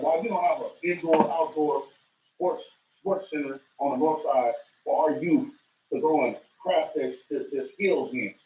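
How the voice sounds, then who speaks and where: A man from Omaha speaking as a chef guest on a radio show, earnest and repetitive, stretching words out for emphasis. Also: on the high side. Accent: Omaha, Nebraska. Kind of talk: casual radio chat. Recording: roomy, distant and dull-sounding mic.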